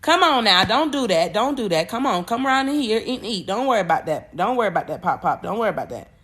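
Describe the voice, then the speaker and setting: A woman voicing an elderly grandmother who gently coaxes and pleads to calm her husband. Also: medium pitch. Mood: soothing. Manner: gentle coaxing, drawn-out pleading. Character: protective elderly grandmother, soothing and fierce.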